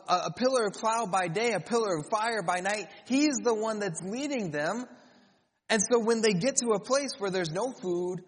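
A man's voice: high voice, fairly bright tone, breathy edge. A man preaching a sermon in a conversational way, with joking asides between scripture readings. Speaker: pastor. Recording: reverberant hall.

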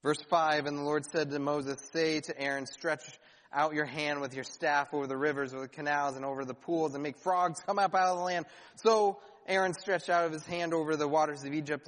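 A man's voice: fairly high pitch, steady tone, normal speed, fairly bright tone. A man preaching a sermon as pastor, reading scripture aloud and adding rhetorical questions and dry asides. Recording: long hall reverb.

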